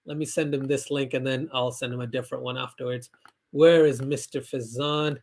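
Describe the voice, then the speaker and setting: A young man with a mid-range voice, talking a little fast, hosts a live cricket watchalong. He gives casual commentary, reads viewer comments aloud in a chatty way, and bursts into excited shouts.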